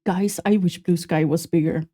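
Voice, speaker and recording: A young woman streaming, chatting casually and self-mockingly with her viewers in quick exclamations. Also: lowish voice, fairly even intonation, mellow. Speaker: streamer reacting to a video. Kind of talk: casual live-stream chat.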